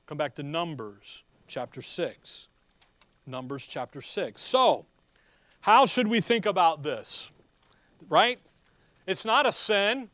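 A man preaching a sermon, reading scripture and explaining it in a folksy, animated way. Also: high-pitched, dry recording.

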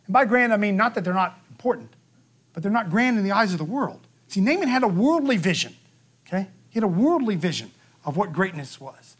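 A man preaching a sermon, telling the story lively and acting out the quotes, with a frequent "okay?" to the room. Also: high-pitched, a little fast. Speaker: pastor.

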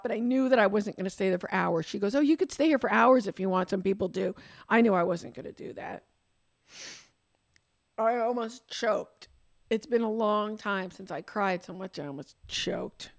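A woman's voice: mid-range voice, no room sound. An older woman on a podcast, crying as she tells a candid personal story, swearing and mocking herself. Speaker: podcast guest.

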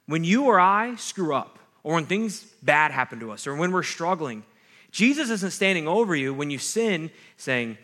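A man's voice: a little high, sing-song, normal speed, pushed and bright. A young adult man, a pastor, giving a sermon in a conversational way, with jokey asides and acted-out quotes.

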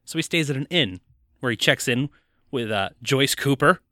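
A man co-hosting a podcast recaps a film's plot with jokey banter. His voice is bright and lively, swinging up and down. The sound is dry and close. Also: medium pitch, moderate pace, no room sound. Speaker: podcast co-host. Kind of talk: casual movie recap chat.

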